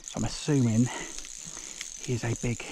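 A man commenting on his own fishing as he fights a fish, excited and muttering, straining with an aching arm. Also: medium pitch, moderate pace, slight background noise. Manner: excited, breathless exclamations, muttered asides. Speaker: fishing vlogger. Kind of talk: live commentary while fishing. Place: outdoors by a lake.

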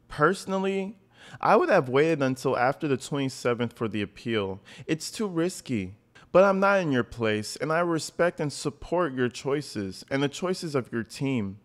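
Read-out role: a man voicing a hushed, pleading foreign woman writing anxious messages. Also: mid-range voice, lively intonation, moderate pace, natural voice.

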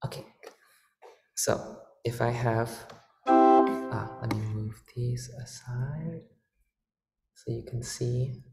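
A man's voice: mid-range voice, creaky. Man explaining ornaments in a roomy space. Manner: halting, explanatory, many fillers. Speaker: organ workshop presenter. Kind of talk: lecture demonstration. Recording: roomy, with organ music.

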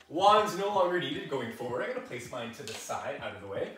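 A slightly high-pitched man speaks briskly with few pauses, his voice bright and pushed, pitch swinging widely. He's a kids' fitness instructor from a French-speaking background, running an at-home workout and cheerfully encouraging the children as he counts reps and leads stretches. The mic sits well back in an echoey room, with faint music underneath.

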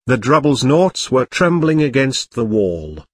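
A man narrating a parody storybook in a deadpan, steady reading. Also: medium pitch, a little slow, dry recording, clean studio sound.

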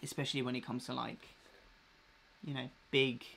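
A man's voice: mid-range voice, flat delivery, normal speed, gravelly, a bit bright, a little hiss or hum. A young man chatting casually and rambling with slang while unboxing a new clothing order on a live vlog. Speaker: fashion vlogger.

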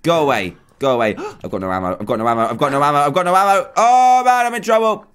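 A young man giving excitable gameplay commentary, yelping and shouting at enemies as he plays. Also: medium pitch, rapid-fire, smooth. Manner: animated, yelps and shouts at enemies. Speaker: gaming YouTuber.

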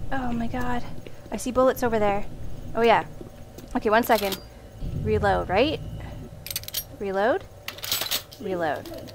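A woman's voice: a little high, lively intonation, measured pace, long pauses, slight background noise. A woman commenting on a horror game as she plays, jumpy and often screaming at monsters. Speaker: gaming video host. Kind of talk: let's play commentary.

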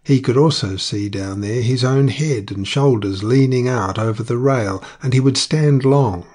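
A man narrating an audiobook in a measured, unhurried reading. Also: medium pitch, a little mellow.

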